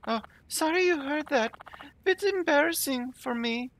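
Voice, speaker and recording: A woman's voice: sits high, animated, measured pace, a little hiss or hum, low-quality recording. A woman voicing a shy young female romance writer in a fan game dub, speaking hesitantly. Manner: hesitant, slightly embarrassed.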